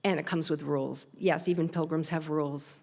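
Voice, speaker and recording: A woman's voice: deep voice, a little fast, vocal fry. Woman telling a stage story in a reverberant hall. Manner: lively, self-mocking, laughing at her own tale. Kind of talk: personal story told on stage. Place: theater stage.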